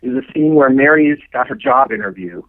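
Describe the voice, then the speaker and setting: A middle-aged man, a show's co-creator, telling anecdotes as a guest in a podcast interview, animated and full of fillers. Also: medium pitch, fairly quick. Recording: tinny phone-like line.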